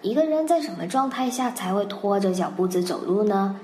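A woman's voice: mid-range voice, lively intonation, fairly quick, dark tone, slight background noise. A Mandarin-native woman telling a children's story and explaining English words, patient and repeating phrases. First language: Mandarin Chinese. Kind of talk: bilingual storytelling lesson. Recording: roomy recording, faint music.

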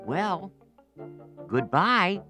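A woman voicing a cheerful, eager young boy in a picture-book read-aloud, in a high sing-song voice. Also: sing-song, extremely slow, music in the background, heavily acted. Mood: wistful.

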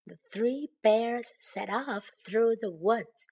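Woman teacher reading a kids' story, very slow, slightly high. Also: a little mellow. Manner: slow and clear, repeating phrases for learners. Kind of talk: bilingual English lesson with storybook read-aloud.

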